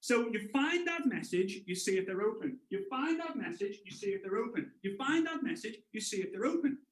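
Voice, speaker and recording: This is a live, motivational sales training led by a network marketing trainer, a man in his 30s with a high, energetic voice. He moves at a brisk clip, and the room gives off an echo. As he tells stories, he performs the voices with dramatic jumps.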